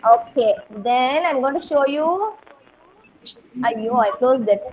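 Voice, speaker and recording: A woman teaching a kindergarten class online, her voice high and bright for the children. She talks in an exaggerated, sing-song manner. The sound is dull and lo-fi, as from a laptop microphone on a video call. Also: expressive, slow pace, a little hiss or hum.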